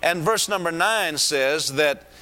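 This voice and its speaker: High, bright-voiced man preaching fervently. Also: slow pace. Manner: fervent, with exclamations of praise; rising to shouts for emphasis. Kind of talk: sermon.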